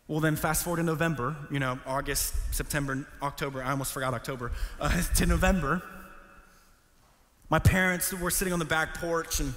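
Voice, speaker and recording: Young preacher in a reverberant hall. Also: male voice, fairly high pitch, a little fast. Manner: storytelling, swinging from hushed to pleading. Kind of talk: sermon. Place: church hall.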